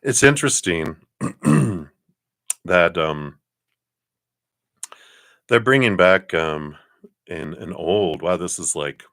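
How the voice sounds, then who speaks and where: A middle-aged man hosting a live card-reading stream, chatting casually, often chuckling and clearing his throat. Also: deep voice, takes it slowly, pauses often, fairly bright tone.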